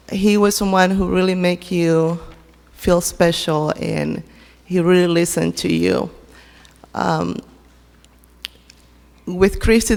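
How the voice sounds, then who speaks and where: A woman's voice: fairly low pitch, gravelly. Woman w sharing a heartfelt church testimony, lots of restarts, big echoey church. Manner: halting, heartfelt, many restarts. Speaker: church member giving a tribute. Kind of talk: personal testimony at a memorial service. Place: church sanctuary.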